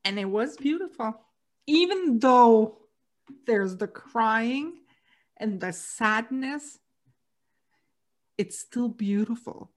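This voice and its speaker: A woman hosting a podcast, telling a personal story in a heartfelt, halting way with many restarts. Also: fairly high pitch, lively intonation. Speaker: podcast host.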